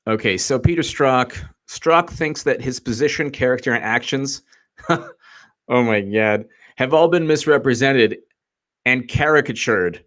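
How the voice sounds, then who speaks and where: A man's voice: medium pitch, a little slow, a bit bright. A man hosting casual political commentary, rambling and sarcastic, with frequent stumbling restarts and bursts of mocking impressions. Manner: laughs at own jokes, mocking impressions.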